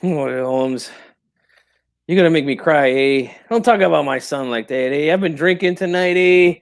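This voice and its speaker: A man's voice: a little high, normal speed, gravelly. A man doing a comic impression of a tipsy, proud older boxing father who tags nearly every phrase with "eh?" and drops Spanish slang. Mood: wounded, tipsy. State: drinking, tipsy.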